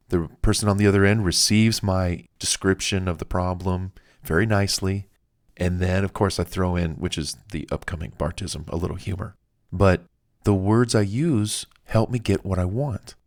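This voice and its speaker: Man, deep voice, casual self-help audiobook narration: conversational and anecdotal, with fillers. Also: normal speed.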